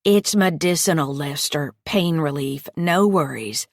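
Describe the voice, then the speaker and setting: A woman's voice: low voice, unhurried, dry recording, studio quality. A woman voicing a coaxing, menacing female caretaker who talks in a crude drawl in an audiobook thriller. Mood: breezy.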